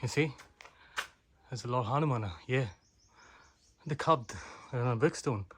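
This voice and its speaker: A man's voice: mid-range voice, unhurried. Breathless young man vlogging outdoors. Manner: excited, chatty, addresses viewers as guys. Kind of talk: casual trekking vlog. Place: outdoors on a hilltop fort. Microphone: handheld phone. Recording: noisy outdoor phone recording.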